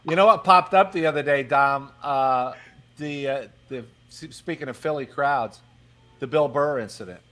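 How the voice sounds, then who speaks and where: A comedian from the Philadelphia area, telling stories in a casual chat and acting out the voices in them. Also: male voice, mid-range voice, normal speed. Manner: animated storyteller, acts out voices. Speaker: comedian guest.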